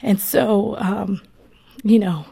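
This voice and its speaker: Earnest woman with a creaky voice. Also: medium pitch, slow pace, mellow, dry recording. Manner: earnest, emotional storytelling. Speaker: guest, mother. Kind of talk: personal testimony in an interview.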